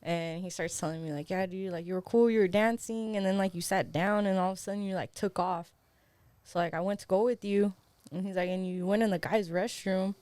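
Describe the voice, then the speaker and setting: A woman's voice: mid-range voice, fairly even intonation, fairly quick, a little mellow, dry recording. Laughing young woman telling a casual story. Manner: loose and laughing, swears freely, heavy on "like". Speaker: podcast co-host. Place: podcast studio.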